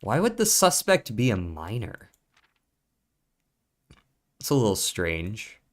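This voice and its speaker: A man's voice: fairly low pitch, wildly swooping pitch, takes it slowly. A man streaming a puzzle game, thinking aloud in a casual, profane mutter as he works through clues.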